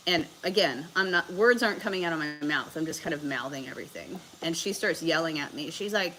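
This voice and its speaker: A woman's voice: low-pitched, fairly quick, few pauses, pushed and bright, a little hiss or hum, poor audio. A sick woman from the American South, a livestream host telling a story casually, with plenty of fillers and swearing. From Southern United States. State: sick with a bug.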